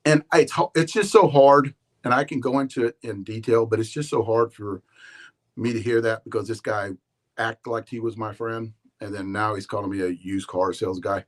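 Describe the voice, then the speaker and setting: A man hosting a podcast, talking in a loose, rambling way with animated storytelling and frequent restarts. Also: lowish voice, moderate pace. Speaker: podcast host. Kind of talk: casual rambling monologue.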